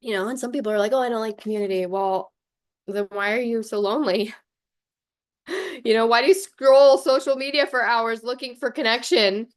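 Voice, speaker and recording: A woman's voice: on the high side, fairly even intonation, normal speed. A woman coach talking straight to camera in a casual vlog, chatty and passionate, blunt, swearing and saying "like" a lot. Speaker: life coach.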